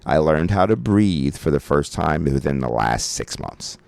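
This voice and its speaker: Man, very deep voice, gravelly, lively swings in pitch, loose joking podcast chat. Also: unhurried, dry recording. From Brooklyn, New York. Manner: loose, joking, swears casually. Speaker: podcast co-host. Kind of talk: casual chat. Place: radio studio. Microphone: studio mic.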